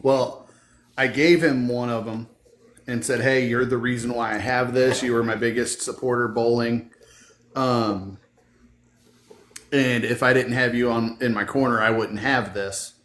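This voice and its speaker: A man's voice: mid-range voice, steady tone, measured pace, a bit bright. A man hosting a podcast, reading out a listener question and telling an earnest personal story. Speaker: podcast host. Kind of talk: casual conversation. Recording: echoey room with faint hiss.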